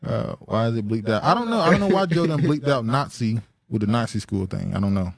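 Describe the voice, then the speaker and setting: A man's voice: mid-range voice, lively intonation, a little fast, creaky, no echo, studio quality. A man hosting a podcast, reading news headlines aloud and riffing on them in a loose, argumentative chat. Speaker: podcast host.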